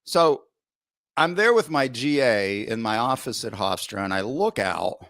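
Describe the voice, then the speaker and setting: A middle-aged man, a football coach, telling casual anecdotes as a podcast guest, with lively asides and the odd curse word. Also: mid-range voice, a little slow, no room sound, studio quality. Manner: lively storyteller, frequent "right?" asides, occasional swearing.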